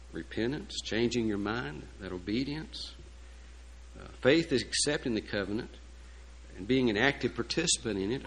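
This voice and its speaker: A man's voice: medium pitch, slight background noise, low-quality recording. A male pastor preaching a sermon, telling a story with folksy asides and rhetorical questions.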